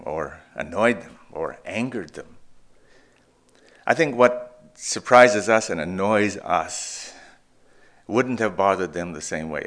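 Deep-voiced man preaching a sermon. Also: a bit bright. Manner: reflective, emphatic preaching with pauses and restarts. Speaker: pastor.

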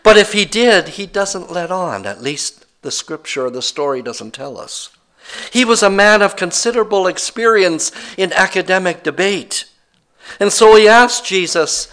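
A man's voice: fairly high pitch, animated, moderate pace, fairly bright tone. A man preaching a sermon, retelling a scripture story in a conversational way with wry asides.

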